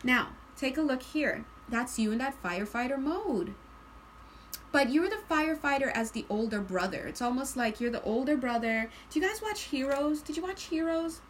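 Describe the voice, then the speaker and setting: Woman tarot reader, chatty and giggly, slightly high voice, light room hiss. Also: animated, moderate pace. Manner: bubbly, giggly, chatty, acts out sighing voices. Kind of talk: casual tarot reading video.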